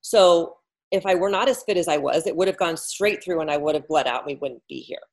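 A woman's voice: lowish voice, fairly quick, darkish tone. A woman in her fifties, a former athlete talking candidly as a podcast guest, blunt and self-mocking. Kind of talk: candid casual interview talk.

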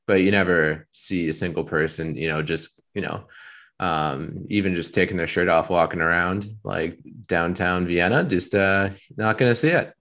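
A man co-hosting a podcast, telling a travel story in a rambling, deadpan way with lots of fillers. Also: deep voice, normal speed. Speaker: podcast co-host. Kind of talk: casual chat.

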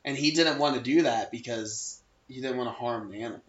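A man's voice: medium pitch, fairly quick. A man in his twenties chatting on a podcast, sharing facts he reads out. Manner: chatty, reads facts aloud, laughs often. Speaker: podcast co-host. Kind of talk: casual chat. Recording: echoey room, lo-fi podcast audio.

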